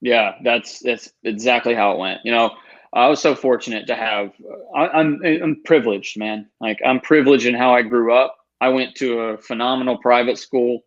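A man's voice: medium pitch, steady tone, normal speed. A man in his thirties, a guest telling his story with earnest emphasis and quoting what he said to himself. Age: 30s. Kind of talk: storytelling interview. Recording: dull lo-fi sound.

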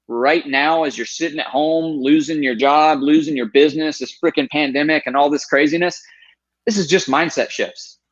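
A man's voice: fairly high pitch, moderate pace. Earnest man in his thirties, muffled. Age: 30s. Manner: earnest and emphatic, quoting himself. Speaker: guest. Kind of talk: storytelling interview. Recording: dull lo-fi sound.

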